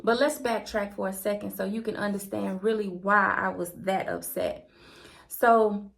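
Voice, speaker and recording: A woman with a Southern American accent, from the Deep South, telling a personal faith story in a conversational, earnest way. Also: steady tone, a little slow, creaky, a bit bright. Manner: conversational and earnest, with colloquial turns of phrase. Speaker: channel host.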